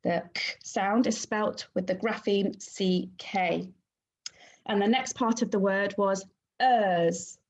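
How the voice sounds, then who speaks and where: Slow, encouraging teacher sounding out words. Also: female voice, mid-range voice. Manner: slow, clear, sounding out letters and syllables; encouraging, praising the class. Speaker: primary school teacher. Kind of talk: phonics lesson for young children.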